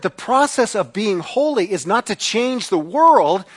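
A man's voice: high-pitched, very animated, unhurried, husky. A middle-aged male pastor preaching a sermon, emphatic and given to repeating his key lines.

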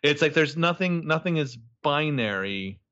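A man co-hosting a podcast, chatting in an animated, joking way about a TV show. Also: fairly high pitch, moderate pace, dull audio. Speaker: podcast co-host recapping a TV show. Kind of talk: casual chat.

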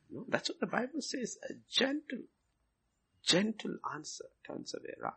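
Gravelly pastor preaching. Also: male voice, high voice, sing-song, normal speed. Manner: swings from loud emphasis down to near whispers, repeats phrases. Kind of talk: sermon.

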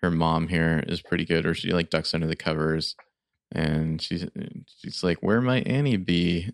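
Man, podcast co-host, very low voice, gravelly, wry asides, dry recording. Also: monotone, moderate pace, dry recording. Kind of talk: casual movie-discussion chat.

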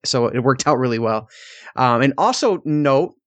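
A man's voice: mid-range voice, lively intonation, moderate pace, fairly bright tone, dry recording. Man, podcast host, casual and chatty, swears freely, dry recording.

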